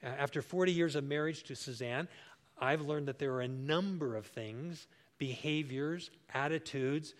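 An older man preaching, with a voice that sits a little high for a man. He tells a homely story and acts out the voices he quotes in sudden, lively bursts. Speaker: pastor. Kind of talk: sermon.

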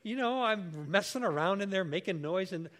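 A man's voice: high-pitched, animated, moderate pace. A man in his sixties preaching a sermon as pastor, telling a homely story and acting out the voices he quotes. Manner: warm storytelling, acts out quoted voices with big jumps.

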